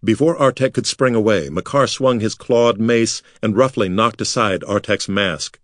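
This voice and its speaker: A man reading a children's adventure book aloud in steady scripted narration. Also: lowish voice, normal speed, no echo, studio quality. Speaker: audiobook narrator.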